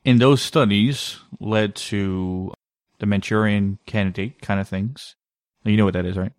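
A man with a low voice tells a story in an animated way and leans on filler words along the way. He is co-hosting a casual podcast. The mic is close and the sound is dry. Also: unhurried, no echo. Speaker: podcast co-host. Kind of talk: casual conspiracy podcast chat.

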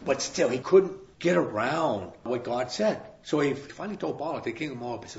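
A man's voice: mid-range voice, lively intonation, moderate pace, vocal fry, few pauses, darkish tone. A man preaching a sermon, retelling a scripture story in a loose, conversational way with slang asides. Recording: roomy, dull sound.

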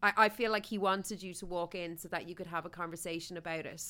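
A woman's voice: lowish voice, little pitch movement, quick pace, bright, forceful tone. A woman co-hosting a podcast, giving playful, bawdy advice in casual chat. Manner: bawdy, playful, bursts into silly sing-along. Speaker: podcast co-host.

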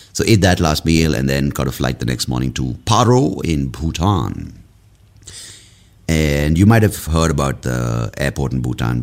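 A man talks in a very deep, gravelly voice. He rambles through a casual story, making fun of himself with frequent asides. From India. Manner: rambling, self-mocking, with asides. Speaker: podcast host.

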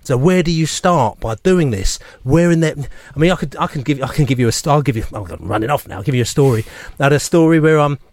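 A man, a regular on a radio fan show, telling a long story in a rambling, animated way and acting out the people he quotes. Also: fairly high pitch, quick pace, few pauses, no echo. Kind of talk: casual radio chat, storytelling. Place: radio studio. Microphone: studio microphone.

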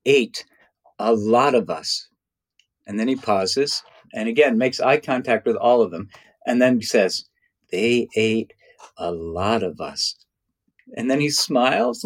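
A man telling stories as an interview guest, loose and conversational, acting out other people's voices with big jumps in pitch. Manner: loose, conversational, many "you know" and "right". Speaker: interview guest, nature mentor.

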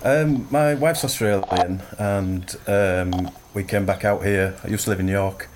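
Laid-back guy calling in, lowish voice, easygoing. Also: unhurried, slight background noise. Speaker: caller. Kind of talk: casual chat.

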